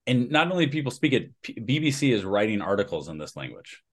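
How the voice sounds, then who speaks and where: A man co-hosts a casual podcast and spends much of it reacting to his partner. He drops in short "yeah, yeah" backchannels, and his pitch swings up and down freely. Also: very animated, fast talker. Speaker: podcast co-host. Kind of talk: casual chat.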